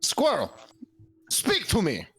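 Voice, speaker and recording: A man's voice: sits high, slow pace, breathy edge. A man casually playing a tabletop role-playing game, laughing often and swearing as he jokes around in and out of character. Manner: laughing, crude, animated. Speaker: player.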